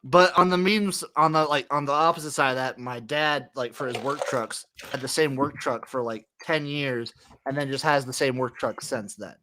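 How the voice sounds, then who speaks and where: Bright-voiced joking podcast host, a man. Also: medium pitch, normal speed, a little hiss or hum. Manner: joking, swearing, loose banter. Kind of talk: casual chat.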